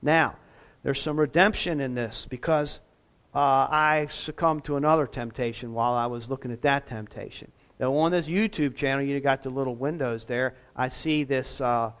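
A man's voice: medium pitch, a bit bright. A man preaching a sermon as pastor, talking in a conversational way with self-deprecating asides.

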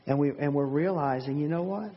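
A man delivers a sermon in an earnest, emphatic way, slowing to press on key words and repeating them for weight. His voice sits a little high and carries a husky edge. The recording sounds dull and lo-fi. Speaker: preacher.

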